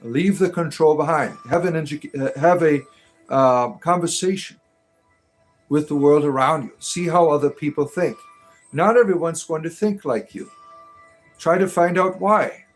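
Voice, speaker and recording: A man's voice: fairly high pitch, measured pace, soft background music. A man hosting a casual livestream and chatting with his viewers in a rambling, teasing way, full of ums and uhs. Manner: rambling, teasing, many fillers. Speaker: livestream host.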